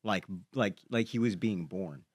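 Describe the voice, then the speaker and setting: Male comedian guest, deep-ish voice; easygoing and halting, dry close-miked sound. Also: no echo. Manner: relaxed and a bit halting, with many "like"s. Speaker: podcast co-host, stand-up comedian. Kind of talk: casual chat.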